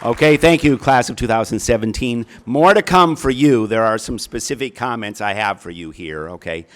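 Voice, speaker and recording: A man's voice: medium pitch, lively intonation, normal speed, a faint crowd. A middle-aged man with a Minnesota accent, a college counselor giving a chatty, earnest speech to an audience in an auditorium. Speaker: college counselor, keynote speaker.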